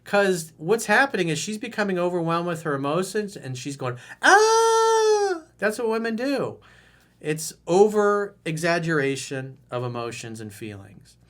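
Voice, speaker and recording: Middle-aged male dating coach, slightly high voice, blunt and animated delivery; talks straight to camera and hams up quoted outbursts. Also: moderate pace. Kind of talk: video newsletter advice monologue.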